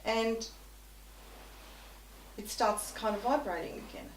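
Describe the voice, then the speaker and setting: A woman's voice: fairly high pitch, slow pace, far from the mic, a little hiss or hum. A woman guest telling an anecdote in conversation, animatedly acting out both sides of the dialogue. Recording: echoey room.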